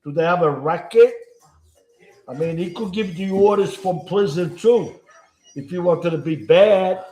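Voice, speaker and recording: A man's voice: high voice, unhurried, mellow, reverberant. Chatty Italian-accented man cooking. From Italy. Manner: rambling, chatty, broken English, talks while cooking. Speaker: home cooking show host. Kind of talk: casual cooking chat to camera.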